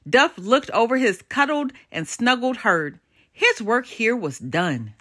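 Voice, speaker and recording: An older woman reads a children's picture book aloud, her voice bright and lively as it swings through the story. She tells it with animated expression and well-placed dramatic pauses, pitched a touch high.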